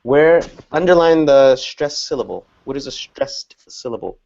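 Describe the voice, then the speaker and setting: A man's voice: medium pitch, animated, normal speed, creaky, a little mellow, highs cut off. A man teaching an English class, explaining patiently and repeating example words.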